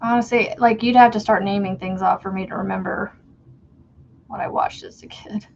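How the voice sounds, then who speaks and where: A homeschool mom hosts a crochet livestream, chatting and rambling casually while she works and laughing at her own stories. Her medium-pitched voice is steady, with vocal fry and a moderate pace. The stream audio is dull and lo-fi, with slight background noise.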